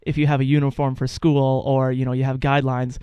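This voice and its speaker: A man's voice: mid-range voice, flat delivery, fairly quick, warm tone, smooth, dry recording, highs cut off. A young man hosting a radio interview, asking long, hesitant, rambling questions. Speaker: radio host.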